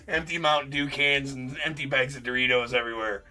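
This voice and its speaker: At a normal speed, a man with a mid-range voice, fairly even intonation, and a sharp tone hosts a live card break stream. He talks casually, teasing viewers in the chat through rambling banter peppered with laughs and fillers.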